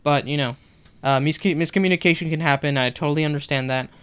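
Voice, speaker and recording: Young man telling work stories, smooth voice. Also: a little high, fast. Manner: animated, acts out customers' lines in retelling. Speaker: podcast co-host. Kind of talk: casual storytelling chat.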